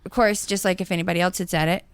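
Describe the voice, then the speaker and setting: A woman hosting a podcast, telling a story in a casual, animated, profane way into a studio microphone. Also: fairly low pitch, very fast, smooth, dry recording. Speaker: podcast host.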